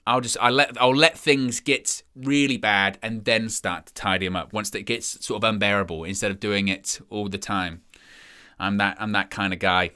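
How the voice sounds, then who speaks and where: A man's voice: fairly low pitch, fairly even intonation, moderate pace, pushed and bright, clean tone. A young man hosting a live match watchalong, chatting casually and reading out viewer comments with a self-deprecating, rambling manner. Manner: rambling with frequent restarts and "you know". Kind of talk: casual live-stream chat.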